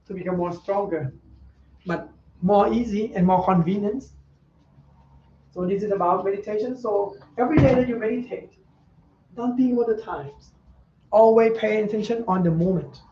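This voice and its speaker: A man who is a Buddhist monk giving a meditation talk to students, in halting non-native English, repeating key words. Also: high-pitched, warm tone. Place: meditation center. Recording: echoey, dull, from far off.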